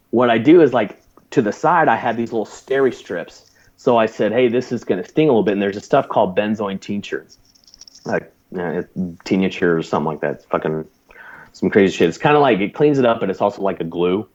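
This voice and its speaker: A former navy corpsman with a lowish voice speaks briskly, and the audio sounds dull. As a podcast guest he tells a long war story casually, animated and profane, swearing freely and laughing as he goes.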